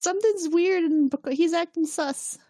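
A woman's voice: very high voice, moderate pace, warm tone, no echo, clean studio sound. A woman co-hosting a casual podcast, animatedly retelling a story and acting out characters' lines. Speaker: podcast co-host recapping episodes. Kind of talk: casual chat.

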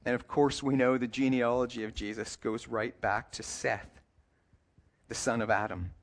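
A pastor with a medium-pitched voice preaches a sermon in a relaxed, conversational way, tossing in light jokes and quick self-corrections. When he reads scripture passages, he slows down and reads deliberately.

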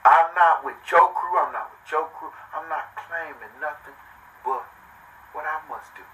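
An older man, a podcast guest, telling boastful stories in a brash, animated way, swearing often and swinging between loud and low. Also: normal speed, lo-fi sound. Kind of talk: boastful storytelling in casual chat. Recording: distant mic with faint noise.

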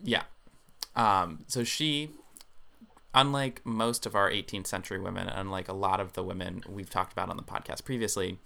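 A man with a deep, gravelly voice co-hosts a podcast and talks it through in an easy, explanatory way. He fills his pauses with ums. His tone is gritty but bright and forward. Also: steady tone. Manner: explanatory, many filler ums. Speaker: podcast co-host. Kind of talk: casual storytelling podcast chat.

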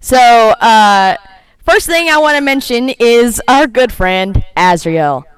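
A woman co-hosts a casual chat about a horror movie, her fairly high voice swinging animatedly. She drops quick asides and giggles often. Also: lively intonation, clean tone, soft background music. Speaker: podcast co-host.

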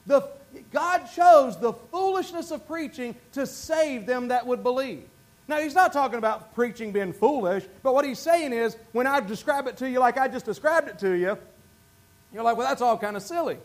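Folksy Southern preacher, high voice. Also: male voice, normal speed. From North Carolina. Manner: folksy, self-deprecating, animated with many restarts. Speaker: pastor. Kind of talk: sermon. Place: church sanctuary.

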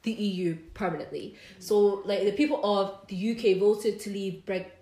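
A woman's voice: medium pitch, normal speed, warm tone, reverberant. A young woman co-hosting a podcast, talking bluntly and opinionated in casual chat, laughing easily. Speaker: podcast co-host.

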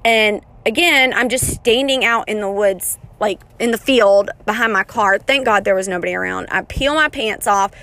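A woman's voice: medium pitch, moderate pace, hardly any pauses. A woman in her thirties telling an embarrassing story in a casual, chatty way, often poking fun at herself. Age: 30s. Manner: chatty, self-mocking, animated retelling.

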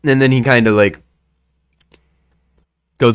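A man's voice: on the low side, moderate pace, a bit bright. A man narrating a tabletop game as game master, casual and loose.

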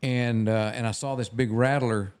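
An older man tells stories slowly and folksily. He often stops and restarts mid-sentence. His voice sits at an ordinary middle pitch. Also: fairly even intonation, a little mellow, clean tone. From Texas. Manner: halting, restarts, folksy drawl. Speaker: guest photographer. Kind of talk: casual storytelling.

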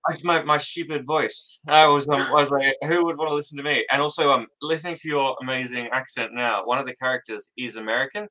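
A man's voice: mid-range voice, steady tone, fairly quick, hardly any pauses, bright, forceful tone, rough recording. A man talking as an author guest in a casual interview, jittery and rambling, laughing often and running his thoughts together.

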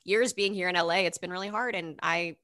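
A woman's voice: fairly low pitch, fairly quick, bright, forceful tone. A woman hosting a podcast, talking in an effusive, affectionate, casual way. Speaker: podcast host. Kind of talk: warm casual interview chat. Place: Los Angeles.

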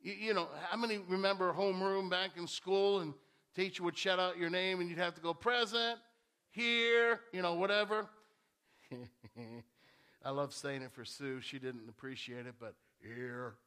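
A man's voice: high voice, level tone, normal speed, a bit bright, clean tone. A male pastor preaching a sermon in a church, talking conversationally and repeating key phrases for emphasis.

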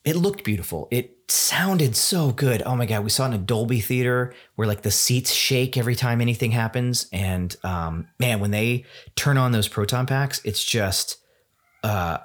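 A man's voice: medium pitch, expressive, moderate pace. A man hosting a solo podcast at home, rambling enthusiastically with many fillers and restarts. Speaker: podcast host. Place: home room.

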